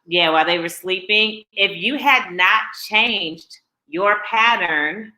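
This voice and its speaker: A woman's voice: medium pitch, slow pace, sharp tone, low-quality recording. A woman co-hosting a casual chat, explaining ideas in a reflective way and often laughing. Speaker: co-author and co-host. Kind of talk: casual chat about faith and dating.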